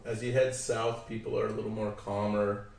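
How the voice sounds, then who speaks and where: A man from San Diego with a Western American accent, explaining things in a relaxed, friendly way as an interview guest. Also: fairly low pitch, moderate pace, creaky. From San Diego, California. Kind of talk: casual interview. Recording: echoey, from a distance.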